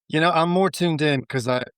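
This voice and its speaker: A man's voice: a little high, no echo. American guy cohosting, jokey, laughs a lot, dry mic. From United States. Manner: laughs easily, joking. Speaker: podcast co-host.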